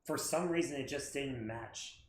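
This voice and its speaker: A man's voice: mid-range voice, measured pace. A man co-hosting a stream, chatting casually about a movie and searching for his words. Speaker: stream co-host. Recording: echoey room.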